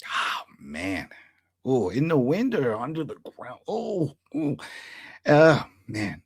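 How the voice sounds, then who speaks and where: A man hosting a casual TV episode recap, excitedly retelling scenes and briefly acting out the characters' lines. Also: mid-range voice, breathy edge, dry recording. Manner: animated, acts out characters' lines in quick put-on voices. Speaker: TV recap host.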